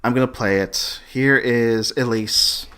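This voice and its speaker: A man co-hosting a podcast, chatting casually and haltingly with many restarts. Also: medium pitch, fairly even intonation, fairly bright tone, clean tone. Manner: halting, full of restarts and fillers. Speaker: podcast co-host.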